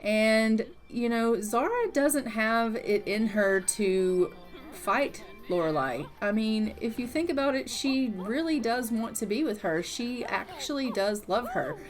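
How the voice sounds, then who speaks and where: Woman, casual game commentary, chatty, rambling, fairly high voice. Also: expressive, slow, soft background music. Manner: chatty and rambling, hedges often.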